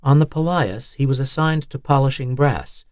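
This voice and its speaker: A man reading a nonfiction audiobook in a measured, even narration style. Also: mid-range voice, no echo, clean studio sound.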